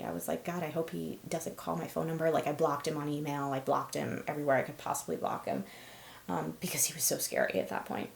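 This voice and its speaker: A woman's voice: low-pitched, gravelly, darkish tone, roomy sound. A young woman telling personal stories in a candid, conversational way, with frequent fillers and short laughs. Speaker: host. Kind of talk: personal storytelling vlog.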